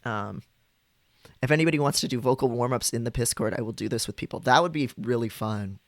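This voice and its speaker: A man's voice: mid-range voice, a little fast, no room sound. A man on a live stream, chatting casually and explaining voice technique, trying out different vocal registers.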